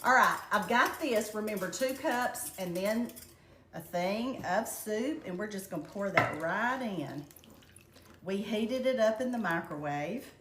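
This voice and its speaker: In an echoey home kitchen with some background noise, an older Southern woman with a Southern American accent chats her way through a cooking demonstration. Her mid-range voice has lively intonation and a measured pace, and her folksy manner includes calling viewers "y'all."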